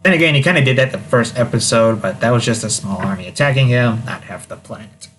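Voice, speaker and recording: A man's voice: mid-range voice, fast, fairly bright tone, slight background noise. A man co-hosting a podcast over an online voice call, adding dry, wry remarks to a casual episode recap. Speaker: podcast co-host.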